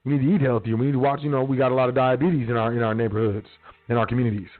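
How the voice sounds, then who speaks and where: A man's voice: medium pitch, fairly even intonation, rapid-fire. A man hosting a radio talk show, lecturing his listeners bluntly with street slang and profanity. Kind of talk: casual solo radio talk. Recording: phone-quality radio line with faint music.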